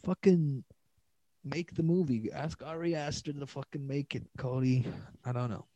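A man's voice: medium pitch, normal speed, warm tone, dry recording, muffled recording. Solo podcast host, male comedian: loose, swearing, self-mocking ramble, dry close mic.

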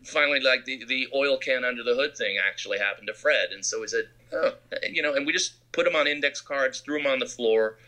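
A man's voice: mid-range voice, brisk, hardly any pauses. A man from Arizona, a film director, telling anecdotes in an interview and acting out quotes. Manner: animated storyteller who acts out quotes.

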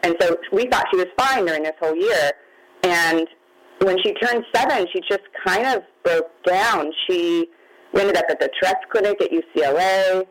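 A woman's voice: lowish voice, normal speed, rough recording. A middle-aged woman, a magazine founder, speaking openly and emotionally about her family's struggles in an interview. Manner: open, candid, near tears at times. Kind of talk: emotional personal storytelling.

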